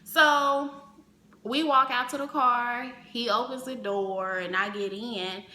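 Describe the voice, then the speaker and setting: A woman telling a personal story in casual vlog fashion, animated, acting out the other people's lines as she goes. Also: a little high, slow. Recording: roomy echo.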